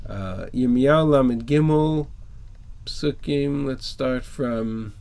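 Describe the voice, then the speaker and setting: A man's voice: medium pitch, slow pace, vocal fry, a little mellow. A man teaching a text-study class over a video call, reading verses and then explaining them with emphatic rhetorical questions.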